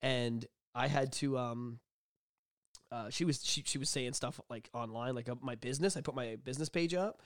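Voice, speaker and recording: A man's voice: medium pitch, moderate pace, smooth, no room sound. Young man cracking sarcastic jokes. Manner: joking, sarcastic interjections. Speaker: podcast co-host. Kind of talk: casual chat.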